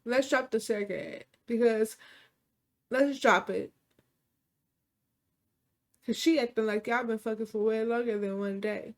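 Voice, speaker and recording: A woman's voice: a little high, a little slow, pauses often. A woman quoting a betrayed wife who talks bluntly and dismissively. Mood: fed up.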